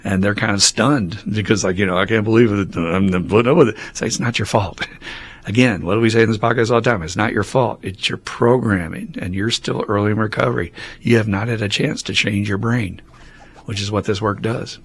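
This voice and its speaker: Male podcast host, lowish voice, casual and frank, chuckles between points. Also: steady tone, a little fast, breathy edge. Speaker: podcast host and recovery sponsor. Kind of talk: casual podcast talk answering listener questions.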